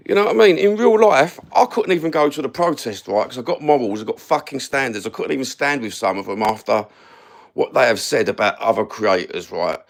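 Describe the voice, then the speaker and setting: A man's voice: mid-range voice, brisk, vocal fry. A man ranting to camera, blunt, sweary and heated, standing while he films himself. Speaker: YouTube content creator. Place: standing somewhere, filming himself.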